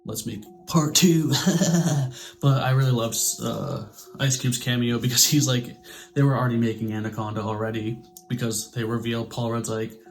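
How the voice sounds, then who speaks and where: A man talks through a movie review in a loose, conversational way. He keeps slipping into quick impressions of the characters, and he swears casually as he goes. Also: medium pitch, faint music behind. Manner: animated, acts out characters' lines in quick impressions.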